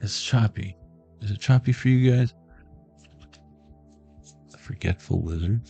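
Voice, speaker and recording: Here a middle-aged card reader jokes his way through a casual reading for viewers, riffing on pop culture as he goes. He speaks a little slowly in a low, mellow, creaky voice with a breathy edge. The recording is muffled, with soft music in the background.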